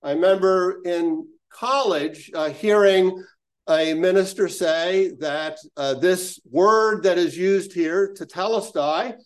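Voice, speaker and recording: A man preaching a sermon, measured and deliberate, with long pauses between phrases. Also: high-pitched. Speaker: pastor.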